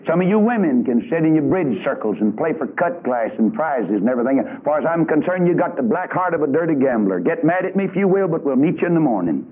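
A man with a drawl preaching a fiery, folksy revival sermon from a church pulpit. His voice sits high and leaps up and down with each emphatic point. The old tape recording sounds dull and muffled. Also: big pitch swings, fast, few pauses.

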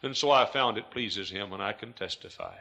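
A pastor delivers a sermon with a gravelly edge to his voice. His tone is bright and forceful. He drops to near whispers and then climbs to shouted peaks. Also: lowish voice, brisk. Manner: swings from hushed to shouted preaching.

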